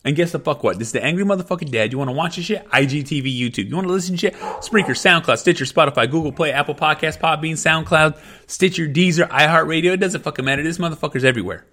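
A man ranting angrily and profanely as a podcast host, in a loud comedic tirade. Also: on the high side, fast talker. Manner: angry, profane, shouting rant.

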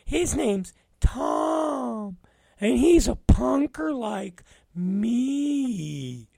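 A man voicing an overeager, rambling male friend who talks in a high, shouting voice. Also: drawn-out words, gravelly, husky, dry recording, heavily acted. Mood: eager. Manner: excited, rambling, naive.

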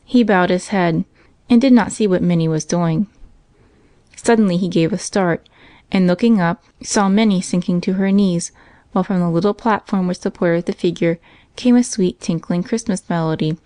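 A woman narrating a classic children's Christmas story in a calm, measured way. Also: fairly low pitch, dry recording. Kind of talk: scripted narration.

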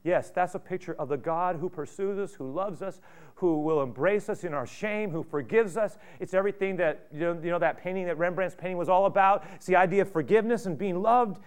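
A man's voice: high voice, a little fast, clear, resonant tone. A male pastor preaching a sermon, retelling a story in a conversational way with rhetorical questions.

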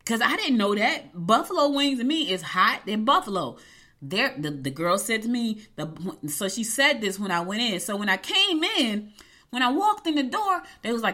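Animated woman telling a story. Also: a little high, normal speed. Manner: animated, emphatic, acts out quotes. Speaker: vlogger. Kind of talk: casual storytelling to viewers.

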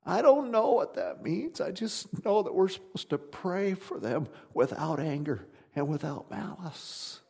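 A man preaching a sermon in a conversational, folksy way, swinging from loud emphatic passages to quiet ones. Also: high voice, expressive, unhurried, gravelly, few pauses, breathy edge. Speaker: pastor.

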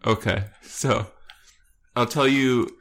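Speaking slowly at medium pitch, this thirtysomething podcast co-host keeps things casual, ribbing his partner with giggly, animated questions and sharing stories.

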